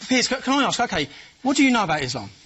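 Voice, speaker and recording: A man from England argues in a televised studio debate, rapid and relentless, pressing again and again to be heard. His voice sits high and sounds bright with a husky edge. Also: very animated. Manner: insistent, keeps interrupting to finish his point. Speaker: studio guest. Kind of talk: heated TV debate.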